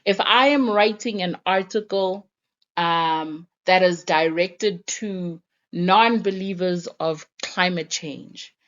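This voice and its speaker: A woman's voice: lowish voice, fairly bright tone. A young woman teacher explaining literary techniques in a patient, careful lesson. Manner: patient, explanatory, slow-paced. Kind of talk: lesson narration. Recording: dull lo-fi recording.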